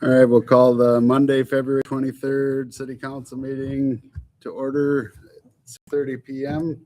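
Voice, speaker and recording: A man serving as acting mayor, briskly running a city council meeting through its procedures. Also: mid-range voice, flat delivery, a little mellow.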